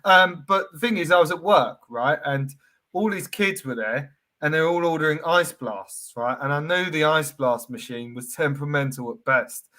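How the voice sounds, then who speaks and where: A man co-hosting a laid-back football comedy chat, his voice bright and a little high. He tells jokey, animated stories with a playful edge. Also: normal speed. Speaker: co-host.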